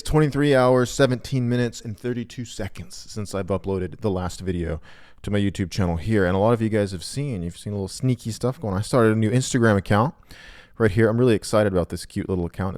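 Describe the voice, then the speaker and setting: Joking, self-mocking man vlogging. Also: fairly low pitch. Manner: joking, self-mocking, big swings in loudness. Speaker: trading YouTuber. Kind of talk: casual vlog monologue.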